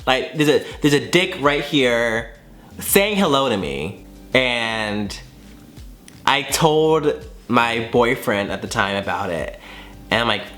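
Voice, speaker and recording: A young man telling a storytime vlog, animated and profane, acting out both sides of the exchanges. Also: medium pitch, unhurried, faint music behind. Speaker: vlogger.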